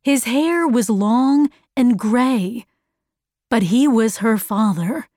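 A woman narrating a story in a clear, careful, evenly paced reading. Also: a little high, slow pace, a little mellow, no room sound, studio quality. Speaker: audiobook narrator. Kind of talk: slow, clear scripted narration for learners.

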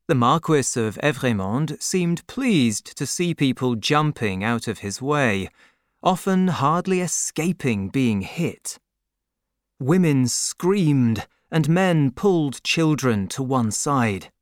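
Reading a chapter of a novel, this audiobook narrator delivers scripted narration in a measured and expressive way. The pitch sits in the middle range, and the studio sound is clean, with no echo.

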